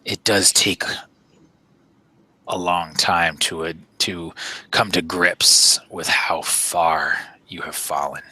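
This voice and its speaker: A man voicing a masked, robed male dark-side master with a deep, hushed and ominous voice, speaking slowly and coldly. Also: husky, dry recording, exaggerated voice, poor audio. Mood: menacing. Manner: slow, ominous, coldly calm.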